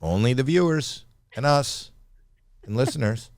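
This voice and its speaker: A man's voice: mid-range voice, lively intonation, unhurried, no echo, studio quality. A man co-hosting a comedy chat, teasing a guest with probing questions. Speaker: co-host.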